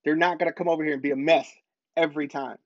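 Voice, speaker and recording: A man's voice: fairly high pitch, steady tone, fast, no room sound. Emphatic man venting, dry dull sound. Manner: emphatic, repeats points for stress. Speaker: parent vlogger. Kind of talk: casual monologue to camera.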